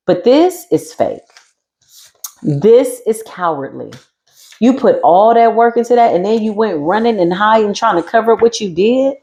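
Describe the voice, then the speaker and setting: A sassy woman giving a tarot reading, cursing casually and mocking the people she reads about. Her voice sits at an ordinary middle pitch. It drops into low murmurs, then jumps to high, teasing squeals. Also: sing-song, normal speed. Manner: sassy, mocking, swears freely, laughs loudly. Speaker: tarot reader.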